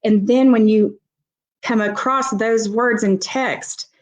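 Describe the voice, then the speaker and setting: Speaking slowly in a fairly high, steady voice, a female guest expert explains children's reading development during a live-streamed parenting advice talk. She demonstrates examples by voicing them with emphasis, and the recording quality is low.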